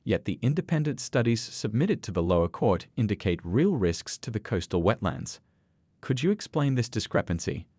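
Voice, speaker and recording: Man voicing a calm, precise woman justice. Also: lowish voice, breathy edge, dry recording. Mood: measured. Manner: measured, even and professional. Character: calm, precise female supreme court justice.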